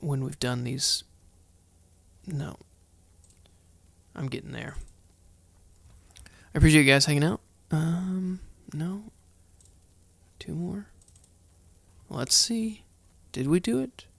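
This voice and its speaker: A man hosting a faith podcast on his own, talking in an unhurried, chatty way and thinking out loud. His voice has a gravelly edge. The sound is dry and close, with no room around it. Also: a little high, dry recording. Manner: chatty, thinking aloud, heartfelt. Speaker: podcast host. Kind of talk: solo Bible study podcast talk.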